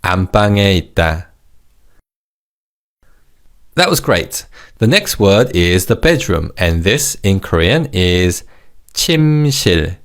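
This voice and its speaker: A man teaching a language lesson in a clear, encouraging way, modelling words for the listener to repeat. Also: low-pitched, very animated, moderate pace, long pauses.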